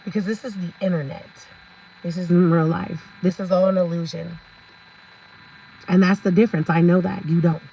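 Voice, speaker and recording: A woman's voice: on the low side, steady tone, normal speed, long pauses, dark tone, muffled recording. Woman, vlogger, sassy rant, laughs a lot, talks to viewers, faint hiss behind. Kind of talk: casual ranting commentary.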